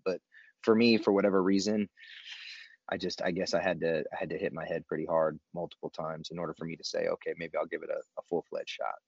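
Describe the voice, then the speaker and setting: A man's voice: sits low, no room sound, dull audio. A man casually telling his own recovery story in a laid-back, slangy way with self-mocking humor.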